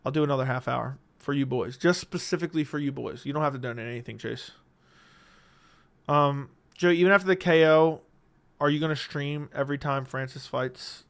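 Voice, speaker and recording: A man's voice: medium pitch, a little fast. A man hosting a casual livestream, reading viewer messages, laid-back and swearing freely into a studio mic at home. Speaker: livestream host. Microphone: studio dynamic mic.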